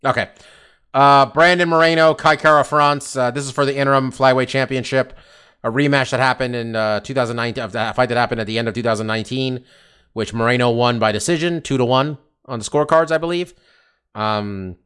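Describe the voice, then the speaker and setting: A man's voice: medium pitch, fairly bright tone, clear, resonant tone. A man hosting a podcast, chatting casually about fights with lots of laughing and some swearing. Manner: laughing, swearing, quick banter. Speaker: podcast host.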